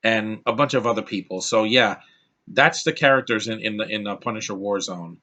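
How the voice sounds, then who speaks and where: A man's voice: on the low side, a little fast, sharp tone. A man casually reviewing films off the cuff, rambling with restarts and blunt opinions. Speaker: film reviewer.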